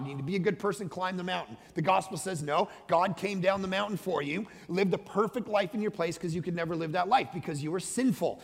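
A man preaching a sermon as the pastor, conversational and emphatic, swinging between loud stretches and hushed asides. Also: sits high. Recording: large hall with long reverb.

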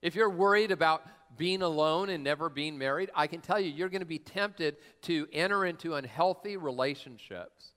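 A man's voice: on the high side, moderate pace, hardly any pauses, fairly bright tone. A middle-aged man preaching a sermon as pastor, telling stories in a loose, joking, conversational way. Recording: long reverb of a large hall.

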